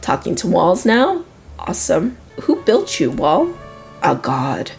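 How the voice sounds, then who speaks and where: A woman's voice: medium pitch, huge pitch swings, a little slow, creaky, darkish tone, faint music behind. A young woman streaming a role-playing game, reading its text aloud with amused reactions.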